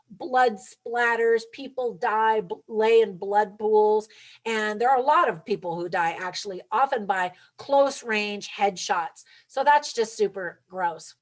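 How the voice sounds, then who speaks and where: A chatty woman in a mid-range voice gives her casual take on a film. She sounds upbeat and talks right to the viewer, laughing lightly now and then. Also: mid-range voice. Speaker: movie reviewer. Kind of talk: casual movie review vlog.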